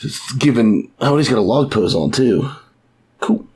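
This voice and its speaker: A man's voice: medium pitch, expressive, unhurried, a little mellow, slightly rough. A man in casual podcast chat, talking loosely with frequent swearing and trailing thoughts. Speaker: co-host, first-time reader.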